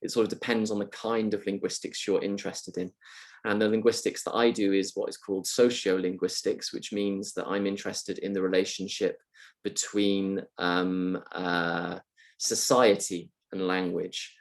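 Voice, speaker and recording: A man's voice: sits low, little pitch movement, normal speed. A male university lecturer answering questions in a live online session, thoughtful and hesitant with many ums and uhs, speaking on a video call.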